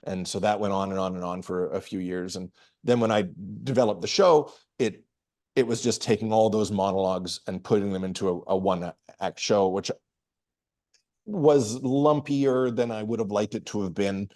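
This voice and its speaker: A middle-aged man, a comedian, answering interview questions in a relaxed, storytelling way with frequent restarts. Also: fairly low pitch, normal speed. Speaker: guest comedian and performer.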